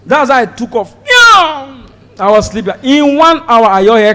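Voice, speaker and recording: A Nigerian comedian with a high, bright voice tells a story on stage. His pitch leaps all over the place as he acts out both sides of a conversation. He breaks now and then into sudden loud outbursts. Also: sing-song, measured pace, long reverb tail, a little hiss or hum. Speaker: stand-up comedian.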